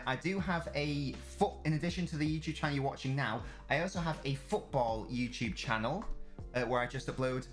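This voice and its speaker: A man's voice: mid-range voice, fairly bright tone. A young man chatting casually on a live stream, joking and reading out viewers' messages. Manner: chatty, jokey, reads chat aloud.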